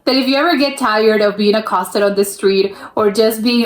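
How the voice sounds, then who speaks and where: A woman's voice: mid-range voice, moderate pace. A young American woman hosting a reaction video, thinking aloud in casual chat with many restarts. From United States. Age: young adult. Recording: roomy echo.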